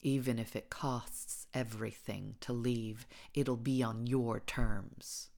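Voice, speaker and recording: Audiobook reader, female, very deep and unhurried, hushed horror narration. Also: fairly even intonation, creaky. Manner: hushed and deliberate, dropping into whispers at times. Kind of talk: scripted narration of a second-person horror story.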